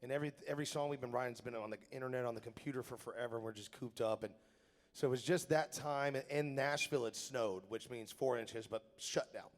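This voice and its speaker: Between songs at a live benefit show, a country singer-songwriter banters fast in a medium-pitched voice, laughing and making jokes at his own expense as he spins loose stories. It's captured on a stage mic, with theater hall echo and guitar in the background.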